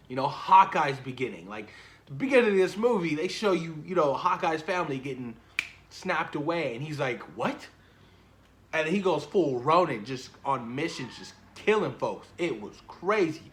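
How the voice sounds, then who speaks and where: A man with a slightly higher voice talks through a film he just saw. He is casual and animated, swears freely, and circles back to repeat his points as the excitement runs ahead of him. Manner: excited, profane, repeats himself. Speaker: movie reviewer. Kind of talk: casual spoiler talk.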